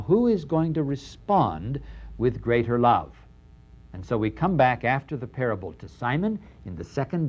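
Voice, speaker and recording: An older man giving a lecture on scripture, animated and acting out the dialogue in dramatic voices. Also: medium pitch. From Middle East. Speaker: lecturer on the New Testament. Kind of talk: university-style lecture.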